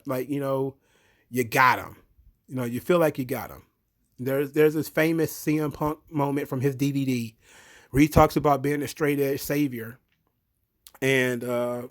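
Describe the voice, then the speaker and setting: A man's voice: mid-range voice, measured pace. A man giving a blunt, opinionated, rambling commentary monologue as a show host.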